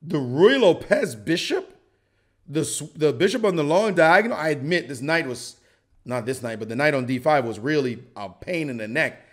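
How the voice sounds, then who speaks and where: A man's voice: a little high, expressive, normal speed. A middle-aged man giving a playful, joking chess lesson, acting out the players' reactions as he goes. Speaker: chess commentator.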